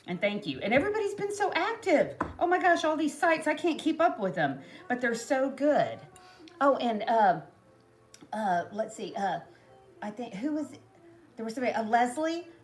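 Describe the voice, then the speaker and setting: Woman rambling thru a diy craft vid at home, faint music behind. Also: fairly high pitch. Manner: chatty, rambling, with many asides to viewers and her cat. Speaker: craft vlogger. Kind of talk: casual DIY tutorial chat. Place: home kitchen.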